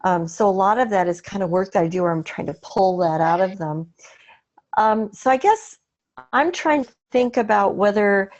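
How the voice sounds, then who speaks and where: A woman from Portland, Oregon, asking a thoughtful, hesitant question during a webinar, with many pauses and fillers. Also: medium pitch, darkish tone. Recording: lo-fi webinar audio.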